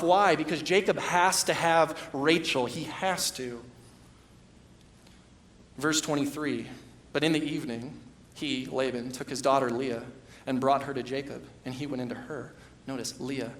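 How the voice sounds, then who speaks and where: A man preaching a sermon as pastor, moving from hushed storytelling to loud, impassioned emphasis. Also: a little high, reverberant, a little hiss or hum. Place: church sanctuary.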